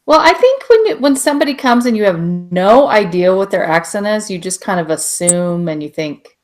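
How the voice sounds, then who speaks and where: A woman from Texas chatting casually on a podcast, telling anecdotes in an animated way. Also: medium pitch, normal speed, hardly any pauses. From Texas, USA. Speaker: podcast panelist. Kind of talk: casual chat.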